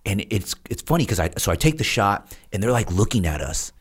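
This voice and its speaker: A man's voice: fairly low pitch, a little fast, breathy edge. A man telling stories casually in a podcast interview, acting out the people he quotes. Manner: animated, acts out quoted voices. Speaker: guest, retired Navy SEAL. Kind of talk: casual storytelling.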